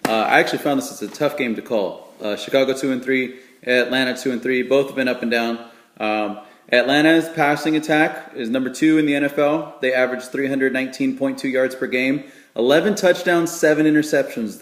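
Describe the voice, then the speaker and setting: A man casually chatting through sports picks, rambling and joking with many fillers. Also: medium pitch. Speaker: sports vlogger making game picks. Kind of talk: casual chat. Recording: echoey room.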